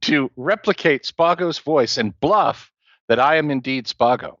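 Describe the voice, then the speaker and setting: A man's voice: mid-range voice, animated, measured pace, a bit bright, no room sound, highs cut off. A man playing a tabletop game, casual and playful. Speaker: player.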